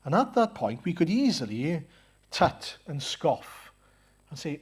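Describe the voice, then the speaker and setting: A man's voice: a little high, sing-song, measured pace, slightly rough. A man preaching a sermon in a church, earnest, asking rhetorical questions and often hesitating and repeating words.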